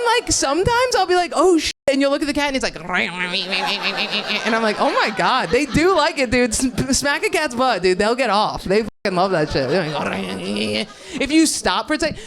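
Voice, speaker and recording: A young woman doing an improvised stand-up set, brash and rambling, laughing through her punchlines. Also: on the high side. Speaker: stand-up comedian.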